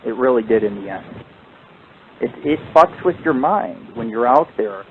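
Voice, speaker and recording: A man hosting a paranormal radio show, telling a long, profane, rambling ghost story in a casual, animated way. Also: medium pitch, moderate pace. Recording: tinny phone-like line with faint hiss.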